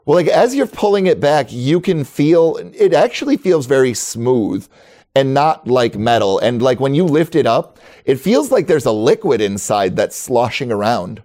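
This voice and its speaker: A man's voice: mid-range voice, sing-song, moderate pace, dark tone. A man running a tabletop game as game master, describing scenes in a chatty, laughing way.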